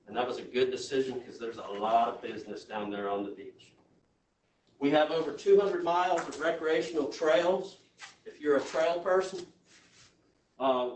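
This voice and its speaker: A man giving a jokey, folksy orientation presentation to a room of new staff, checking in with the audience as he goes. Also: medium pitch. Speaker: state parks presenter. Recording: echoey room, voice from far off.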